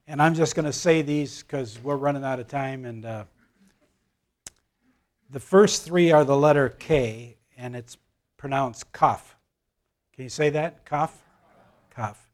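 Halting, joking Bible class teacher, a man. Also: medium pitch, darkish tone. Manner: halting, full of fillers and restarts. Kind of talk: joke-telling Bible lesson.

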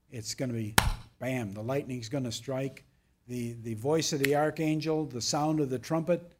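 A man's voice: mid-range voice, darkish tone. A man preaching a verse-by-verse sermon as pastor, reading verses with emphasis and adding casual asides to the congregation.

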